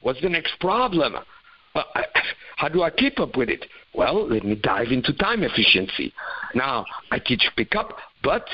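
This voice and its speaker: Man, motivational coach, emphatic and preachy, mid-pitched, muffled lo-fi audio. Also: big pitch swings, moderate pace. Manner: emphatic, preachy, acts out quoted voices. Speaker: pickup coach.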